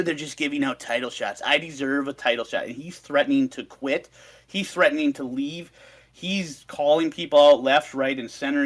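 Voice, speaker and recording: A man's voice: medium pitch, a bit bright. A man on a podcast, recounting a story in a swearing, ranting casual chat. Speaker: podcast co-host presenting research.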